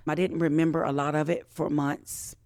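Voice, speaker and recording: A woman's voice: sits low, little pitch movement, moderate pace, darkish tone, dry recording, clean studio sound. A woman guest on a podcast, telling a personal story with feeling, repeating phrases and acting out what others said. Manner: emotional, repeats phrases, acts out quoted voices.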